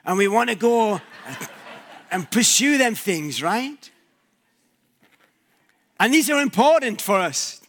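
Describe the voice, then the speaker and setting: A man's voice: high-pitched, big pitch swings, slow pace, pauses often, fairly bright tone, a little hiss or hum. A male pastor giving a conversational sermon in a church, using props and everyday examples.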